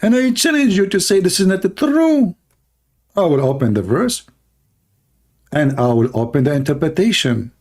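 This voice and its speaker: A man hosting a confrontational livestream debate, talking emphatically and challenging his listeners, with a dry throat and frequent throat clearing. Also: sits high, very animated, moderate pace, pauses often, a little mellow. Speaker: debater and host.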